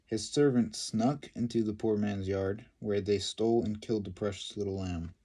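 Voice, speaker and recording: A man retelling a Bible story and commenting on it, in a halting, filler-heavy way. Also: fairly low pitch, mellow. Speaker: Bible teacher.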